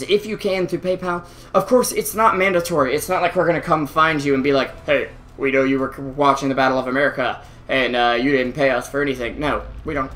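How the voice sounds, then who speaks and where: A man's voice: high voice, a bit bright. A male esports caster in casual chat, self-deprecating, breathing heavily into a close mic. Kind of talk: casual chat between game commentary.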